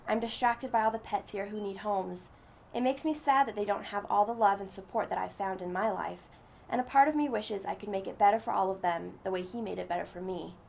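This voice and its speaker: A woman reading a first-person story aloud in a steady, earnest way. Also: mid-range voice, brisk, vocal fry, a little hiss or hum. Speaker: story reader.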